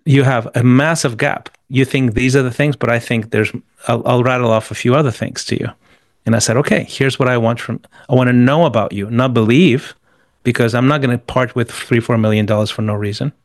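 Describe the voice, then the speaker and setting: A man's voice: medium pitch, steady tone, a little fast, dry recording. A man answering interview questions with motivational business advice, emphatic and repeating words as he rattles off lists. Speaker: guest.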